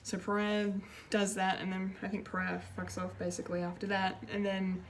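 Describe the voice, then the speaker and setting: A woman reviewing a TV episode in a casual, rambling way, excitable and full of fillers and restarts. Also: medium pitch, moderate pace, slight background noise. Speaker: pop culture reviewer, show regular.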